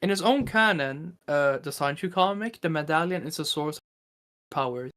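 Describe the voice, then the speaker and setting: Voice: mid-range voice, lively intonation, moderate pace, fairly bright tone, dry recording, clean studio sound. A Swedish-accented livestream guest rambling through internet lore with laughs and casual swearing, the microphone cutting in and out. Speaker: streamer guest.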